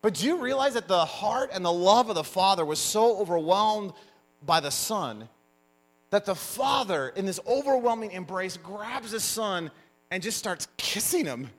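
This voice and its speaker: Animated high-voiced preacher. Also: male voice, measured pace. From United States. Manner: animated storyteller, lively emphasis. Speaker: pastor. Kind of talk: sermon.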